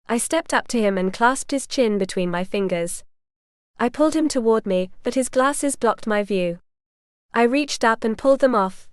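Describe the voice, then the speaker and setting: A woman's voice: fairly high pitch, smooth, no echo, clean studio sound. A woman reading a first-person audiobook with a wry, quipping storytelling manner. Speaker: audiobook narrator.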